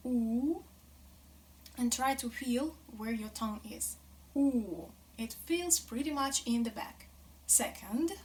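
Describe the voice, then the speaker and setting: Slow, patient woman teaching pronunciation. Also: fairly high pitch, a little hiss or hum. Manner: patient, drills sounds slowly and repeats them. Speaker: language teacher. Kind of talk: pronunciation lesson.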